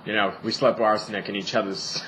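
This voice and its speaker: A man's voice: fairly low pitch, steady tone, a little fast, very noisy. A young man in drag, vlogging from a family home indoors, chatting in a campy, sassy, profane and joking way. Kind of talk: campy casual vlog monologue.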